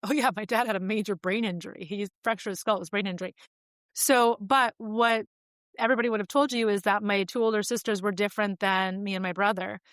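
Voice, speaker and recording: A woman's voice: mid-range voice, fairly bright tone, smooth, no room sound, clean studio sound. Reflective woman in her forties. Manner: reflective and open, with frequent fillers. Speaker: podcast guest. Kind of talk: candid conversational storytelling.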